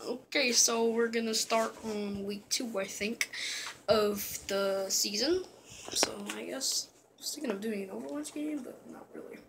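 A man casually commentating a let's-play video, rambling and excitable, often trailing off into mumbled asides. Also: extremely high pitch, a little slow, a little hiss or hum. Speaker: gameplay commentator.

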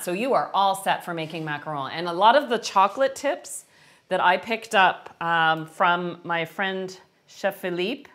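A middle-aged woman hosting a live-stream baking lesson, chatting warmly and answering viewers' questions as she works. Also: fairly low pitch. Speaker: baking instructor.

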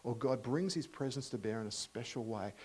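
An Australian man preaching a sermon as a visiting preacher, talking conversationally and asking the congregation questions, swinging from loud emphasis to hushed near-whispers. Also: mid-range voice, a little fast, slight background noise, poor audio.

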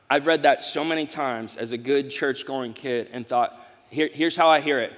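A middle-aged man preaching a live sermon as pastor, swinging from loud exclamations to soft asides. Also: fairly high pitch, fairly quick. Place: large church hall. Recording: long hall reverb.

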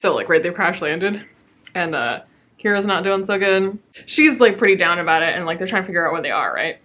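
A woman's voice: lowish voice, expressive, fairly quick, sharp tone. A woman talking casually to her camera at home about a book she is reading, sarcastic, swearing freely and laughing often. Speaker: book vlogger. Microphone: camera mic.

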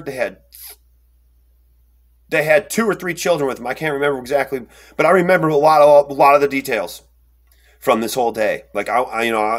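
A young man telling a personal story in a rambling, animated way, with lots of fillers and restarts, and acting out the quotes. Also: medium pitch. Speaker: storyteller recounting an encounter. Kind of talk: casual first-person storytelling.

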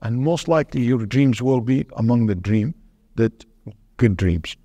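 A man's voice: medium pitch, expressive, measured pace, mellow, big-room sound. A man, a sheikh, teaching a religious lesson, earnest and storytelling, putting questions to his audience and answering them.

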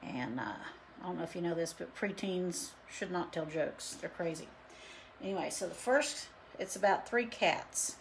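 A woman's voice: on the low side, expressive, normal speed, vocal fry, a little hiss or hum. A woman chatting casually through a live painting demo, rambling with lots of fillers. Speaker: painting instructor and studio owner. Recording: roomy echo.

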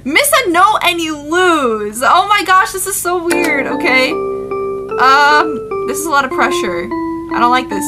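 Female gamer, high and lively voice, jumpy horror let's-play commentary, music playing loud behind her. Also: a little slow. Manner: excitable, easily spooked, exclaims often. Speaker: gaming YouTuber.

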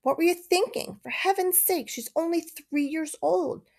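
Lady doing a stern lawyer dad, brisk and lecturing, gravelly edge. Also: a little high, animated, a little mellow. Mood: angry. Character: stern lawyer father, quick-tempered.

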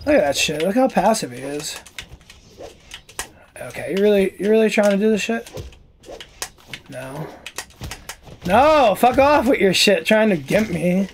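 A man's voice: sits high, expressive, moderate pace, long pauses, a little hiss or hum. A man giving casual, profane gameplay commentary as a streamer, trash-talking and easily annoyed. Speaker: gaming streamer.

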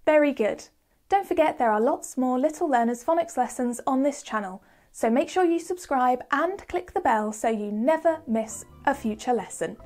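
A woman teaching a children's phonics lesson in a slow, encouraging, sing-song teacher voice. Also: sits high, expressive, darkish tone, soft background music.

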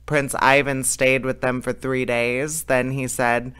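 Bright, clear-voiced man reading aloud. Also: medium pitch, a little slow, hardly any pauses. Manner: plain, steady, occasional fillers. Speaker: storyteller. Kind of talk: reading a fairy tale aloud.

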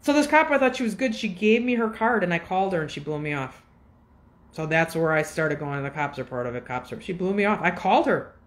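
A woman's voice: lowish voice, animated. Agitated woman in her fifties ranting. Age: 50s. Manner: agitated, profane storytelling with quick asides. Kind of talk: casual rant to camera.

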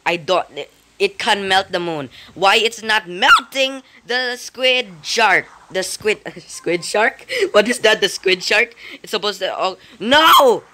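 This casual gameplay commentary comes from an excitable speaker with a mid-range voice, over a slight hiss or hum. Frequent startled outbursts, giggles and rambling restarts fill the talk.

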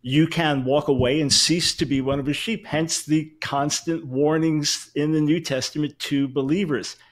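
A man's voice: fairly high pitch, fairly even intonation, moderate pace. Firm, emphatic debating man. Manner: firm, emphatic, cites sources. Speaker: debater, scholar. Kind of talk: theological debate.

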